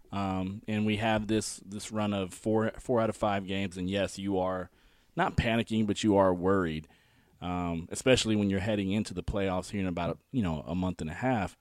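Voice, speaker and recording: A man with a low voice laying out his reasoning on a sports podcast. He speaks earnestly, pausing on ums and you-knows. The recording is close and dry. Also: a little mellow, no room sound. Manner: earnest, explaining, frequent ums. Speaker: podcast co-host. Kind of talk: casual sports chat.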